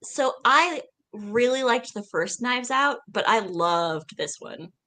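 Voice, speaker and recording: A woman co-hosting a podcast in casual chat, enthusiastic and quick to laugh. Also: a little high. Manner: animated, enthusiastic, laughs easily. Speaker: podcast co-host.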